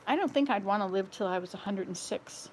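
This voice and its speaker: This home vlog features a woman in her sixties who moves through the rooms of her house, rambling playfully and laughing when she slips up. Her medium-pitched voice is brisk and somewhat dark, with slight background noise.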